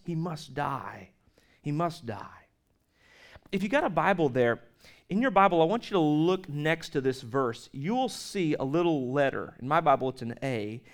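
A male pastor preaching a sermon to his congregation. He speaks emphatically, swinging between loud stress and hushed lines, with frequent restarts and repeated words. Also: fairly high pitch. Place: church service with projected slides.

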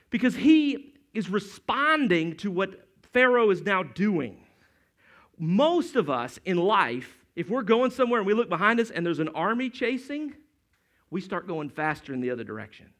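A man's voice: high voice, fairly bright tone. A middle-aged man preaching a sermon as pastor, in a conversational, storytelling way that acts out quotes.

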